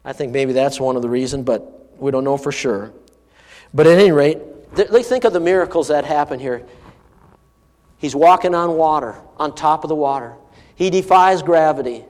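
A man's voice: on the high side, normal speed, darkish tone, in a large hall. A man preaching an expository sermon in a conversational way, now and then rising into emphatic bursts. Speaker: pastor.

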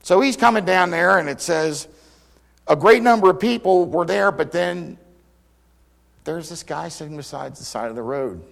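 A man preaching a sermon, retelling scripture stories dramatically and voicing the people in them, swinging from loud cries to near whispers. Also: fairly high pitch, normal speed, creaky. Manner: dramatic storytelling, acting out quotes with big swings in volume.

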